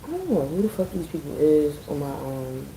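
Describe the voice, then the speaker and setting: A chatty woman talks straight to her viewers in a mellow, warm voice, swearing freely with dry sarcasm. Her voice carries a roomy echo, like a live stream from home. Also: deep voice, expressive, fairly quick, a little hiss or hum. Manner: chatty, profane, addressing viewers as y'all. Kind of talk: casual live-stream chat.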